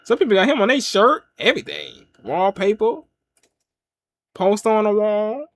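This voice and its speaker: Animated, joking male wrestling reviewer. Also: high voice, moderate pace. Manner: loose, joking rants with frequent laughs. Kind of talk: casual watch-along commentary.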